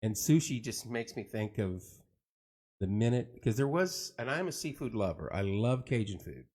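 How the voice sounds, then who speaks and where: Animated middle-aged man chatting casually. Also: medium pitch, normal speed. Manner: joking, rambling, animated storytelling. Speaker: host of a live chat show. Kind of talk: casual live-stream chat reading viewer comments.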